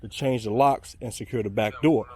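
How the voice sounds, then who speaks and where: A man's voice: medium pitch, brisk, a little mellow. A man narrating a vlog outside a vacant house, growing more and more exasperated. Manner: exasperated, building up heat. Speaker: property manager vlogger.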